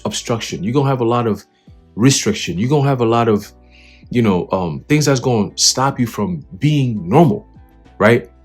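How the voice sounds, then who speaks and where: A man's voice: mid-range voice, darkish tone, breathy edge. A man giving a fiery, profane religious commentary, reading from an article and mocking it with scornful laughs. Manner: profane, scornful, preachy, laughs at his own jabs.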